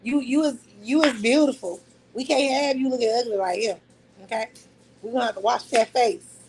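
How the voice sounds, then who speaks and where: A woman's voice: on the high side, brisk, darkish tone, slight background noise, poor audio. A woman hosting a casual livestream, mocking and trash-talking someone with bursts of laughter. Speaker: livestream host. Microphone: talking to a phone on a live stream.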